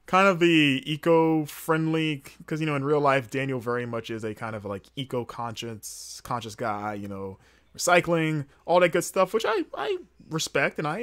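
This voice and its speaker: A man's voice: medium pitch, fairly bright tone. Chatty man rambling through a recap. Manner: rambling and chatty, with frequent fillers and self-corrections. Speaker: podcast host. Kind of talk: casual solo recap commentary.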